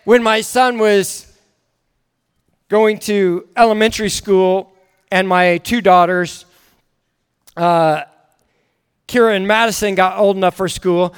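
A man's voice: sits high, clean tone. A man preaching a sermon as a guest speaker, telling family stories with acted-out dialogue and frequent restarts. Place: church hall. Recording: echoey hall.

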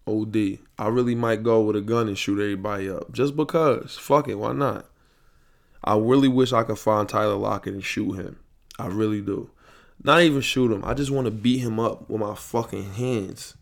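Speaking late at night into a studio mic while wearing headphones, this young solo podcast host rants in anger, full of profanity and repetition. His voice sits on the low side and carries vocal fry.

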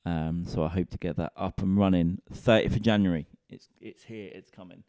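A man's voice: low-pitched, a little fast, mellow, no echo. A man, a comedian and podcast host, rambling in a casual, sweary, self-mocking solo rant.

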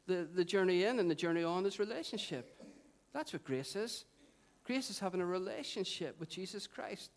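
A middle-aged man preaching a sermon, conversational and animated, putting questions to the congregation. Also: high voice. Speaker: pastor.

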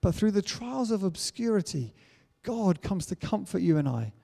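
A man's voice: high-pitched, sing-song, normal speed, creaky, mellow. A man preaching a sermon in an earnest way, building to emphatic declarations. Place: church hall. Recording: church hall reverb.

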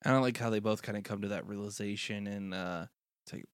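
A young co-host of a podcast, chatting playfully about a cartoon episode and sometimes jumping into squeaky character impressions. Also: fairly even intonation, fast talker, clean tone, dry recording. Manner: playful, breaks into high-pitched impressions of characters.

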